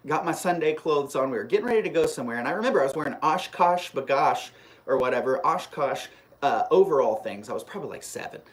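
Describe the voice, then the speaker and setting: Streamer rambling thru a childhood story, voice jumps all over the place, keeps tripping and restarting. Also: mid-range voice. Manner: rambling and animated, with frequent restarts; reads viewer comments aloud and replies. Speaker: live stream host. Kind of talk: casual storytelling on a live stream.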